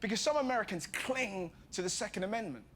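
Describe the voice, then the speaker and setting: A man with an English accent doing stand-up comedy, sarcastic and punchy, shouting the punchlines. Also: high voice, lively intonation, fast. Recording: TV clip with loud background noise.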